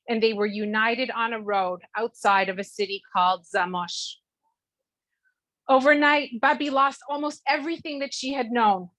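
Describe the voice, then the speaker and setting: A middle-aged woman, a mother, reading a heartfelt speech at her daughter's bat mitzvah, measured and sprinkled with Hebrew terms. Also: fairly high pitch, a bit bright, dry recording, poor audio. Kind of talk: read-aloud family speech. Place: Toronto.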